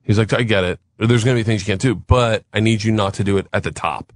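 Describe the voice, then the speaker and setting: Animated man telling a wild story. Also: fairly low pitch, quick pace, no room sound, studio quality. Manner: animated storyteller, swears a lot, shouts quoted lines. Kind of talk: casual storytelling on a talk show.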